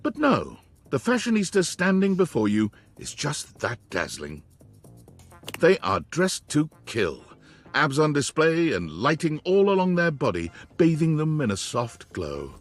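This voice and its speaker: Game narrator: husky, wry, expressive, faint music bed. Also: male voice, fairly high pitch, measured pace, full character voice. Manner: wry, descriptive second-person narration. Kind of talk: scripted narration.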